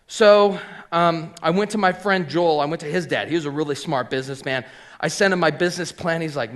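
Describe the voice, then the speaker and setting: A middle-aged man who owns a hat shop, telling his personal story as an animated storyteller, acting out the voices of people he quotes and often saying um and like. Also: fairly high pitch, a little fast. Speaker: hat maker and shop owner.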